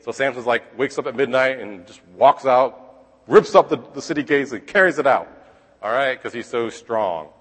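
A man leads a relaxed Bible lesson, moving between reading scripture aloud and retelling it in his own casual words. He keeps checking in with his listeners and drops in wry comments along the way. His mid-pitched voice carries a long, trailing reverb, as if he were speaking in a large hall. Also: moderate pace, breathy edge. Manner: conversational, checks in with listeners with frequent "okay?". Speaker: Bible teacher.

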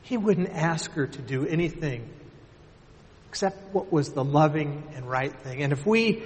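A man preaching a sermon earnestly, lifting his voice for emphasis and dropping soft at the ends of his points. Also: a little high, lively intonation, unhurried. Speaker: pastor. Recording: long reverb of a large hall.

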